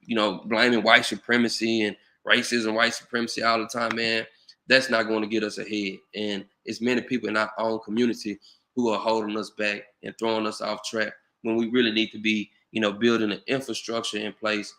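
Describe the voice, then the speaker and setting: Guy with AAVE rambling on his channel, lots of you know, bright sound. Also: on the low side, flat delivery, a little fast. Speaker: channel host. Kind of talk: casual commentary monologue.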